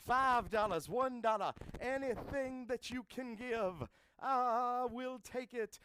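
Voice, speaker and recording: A man's voice: extremely high pitch, takes it slowly, fairly bright tone, a little hiss or hum, voice pushed up, full character voice. A man putting on the voice of a hammy Sunday preacher asking for donations, drawing out his words in a pleading cadence. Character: hammy Sunday preacher passing the collection plate.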